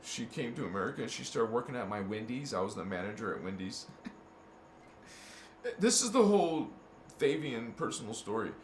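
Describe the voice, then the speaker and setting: Rambling man in an echoey room. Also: medium pitch. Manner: meandering, with frequent restarts and stammered repeats. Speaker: spiritual vlogger. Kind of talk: rambling casual monologue to camera. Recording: echoey room with faint background noise.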